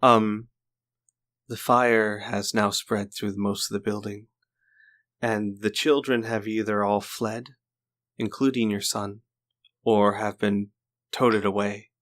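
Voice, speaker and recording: A man narrating a tabletop game as game master in a slow, deliberate storytelling manner. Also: fairly low pitch, steady tone, fairly bright tone.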